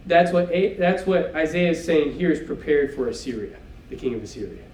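A man's voice: fairly high pitch, lively intonation, fairly quick, a little mellow, a little hiss or hum. Conversational preacher man in an echoey church. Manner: conversational, with frequent "okay?" asides. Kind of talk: bible class teaching. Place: church hall. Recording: echoey room, mic at a distance.

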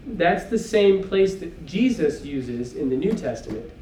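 A man's voice: on the high side, very animated, measured pace, warm tone, a little hiss or hum. A man teaching a Bible class in church, talking it through in a conversational way and checking in with "okay?" asides. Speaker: preacher. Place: church hall. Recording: echoey room, mic at a distance.

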